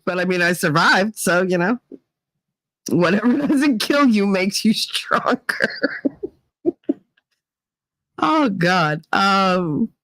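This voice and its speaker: A woman from Northeast Pennsylvania hosting a livestream, chatting casually with her viewers and telling stories full of fillers and quick voice mimicry. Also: fairly low pitch, fairly bright tone, no echo, rough recording. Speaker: livestream host reading chat. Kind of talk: casual chat.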